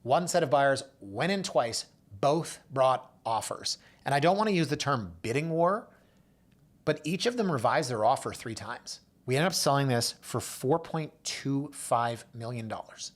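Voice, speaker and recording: A Canadian man hosts a real estate show, recounting stories about his clients in a relaxed, unhurried monologue. His intonation is lively, and he acts out the people he quotes with big jumps in pitch.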